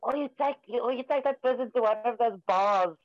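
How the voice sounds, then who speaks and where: A woman's voice: on the high side, brisk, no echo, highs cut off. A woman from South Africa with an accent mixing South African and American, chatting as a podcast guest who laughs easily. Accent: South African mixed with American. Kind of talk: casual chat.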